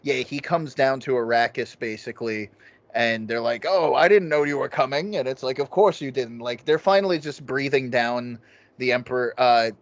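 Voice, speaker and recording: A man in casual conversation as a podcast co-host, his talk loose and peppered with swearing. His voice sits at an ordinary pitch and is recorded close and dry, with no room sound. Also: dry recording. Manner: swears freely, loose rambling delivery. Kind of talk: casual film review chat.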